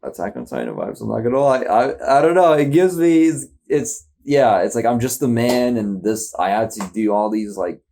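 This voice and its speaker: A man's voice: medium pitch, animated, moderate pace, creaky, few pauses, dark tone. A man hosting a reaction video, talking in a loose, rambling way, asking incredulous questions and laughing often. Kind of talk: casual reaction commentary.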